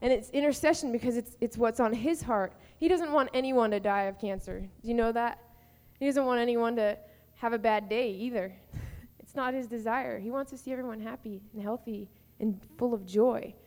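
A young woman with a fairly high voice talks to teenagers with earnest feeling, plainly and informally. Her words ring out through the long reverb of a large camp hall. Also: normal speed, a little mellow. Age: young adult. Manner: earnest, rising to impassioned cries when acting out prayer. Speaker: youth panel speaker. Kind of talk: informal teaching to teens.

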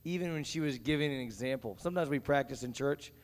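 A man's voice: mid-range voice, quick pace. A young man moderating a youth panel, upbeat and joking as he asks the crowd for questions. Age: young adult. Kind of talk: casual panel talk with an audience. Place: camp meeting hall. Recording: echoey hall with faint background noise.

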